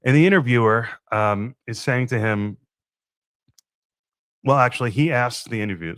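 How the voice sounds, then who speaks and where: A man hosting his own podcast, rambling and musing aloud in a loose solo monologue, with a curse word dropped in here and there. His voice sits at an ordinary middle pitch. The sound is dry and close, with no room around it. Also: normal speed, pauses often, a bit bright, no room sound. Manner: rambling, musing, swears freely. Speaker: podcast host.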